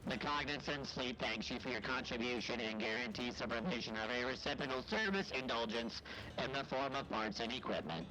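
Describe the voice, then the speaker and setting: A man's voice: mid-range voice, animated, a little fast, sharp tone, poor audio. A man voicing a cold, formal male machine intelligence through a voice-changer filter, with stiff clipped phrasing. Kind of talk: in-game voice acting on a stream.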